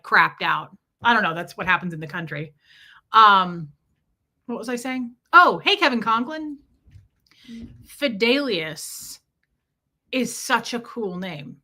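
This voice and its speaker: A woman's voice: medium pitch, bright, forceful tone. A woman chatting casually on a livestream, rambling from story to story and greeting viewers by name.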